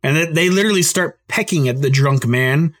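A man's voice: fairly high pitch, brisk. A man hosting a podcast, telling a story in a casual, rambling way and laughing often. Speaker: podcast host.

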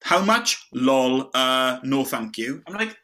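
Bright-voiced chatty man. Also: mid-range voice, animated, slow. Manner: chatty storyteller, says mate often. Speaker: podcast co-host. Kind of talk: casual chat.

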